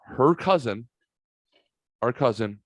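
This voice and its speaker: A man from the Saint Louis area hosts a casual podcast, telling stories in an animated way and acting out what people said. His voice sits in a middle register and sounds dry and close, with no room around it. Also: mid-range voice, slow pace, dry recording. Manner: animated, swearing, acts out quotes. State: recovering from a sinus virus. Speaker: podcast host. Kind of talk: casual storytelling chat.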